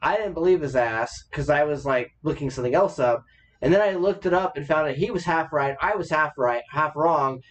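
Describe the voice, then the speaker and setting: A man's voice: fairly high pitch, brisk. A man co-hosting a podcast, chatting casually as an opinionated storyteller who swears freely. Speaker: podcast co-host. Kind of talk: casual chat.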